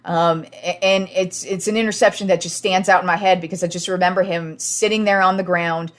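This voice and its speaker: Young woman, sports podcast host, slightly low voice, excitable and foul-mouthed. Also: a little fast. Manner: excited, swears freely, acts out players' words. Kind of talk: casual sports talk.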